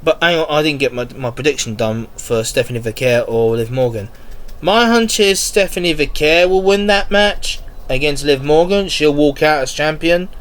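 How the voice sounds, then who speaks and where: A man's voice: a little high, animated. A man hosting a casual solo wrestling podcast, rambling and restarting his sentences, with a cold. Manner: slow, rambling, restarts often. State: has a cold. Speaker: podcast host.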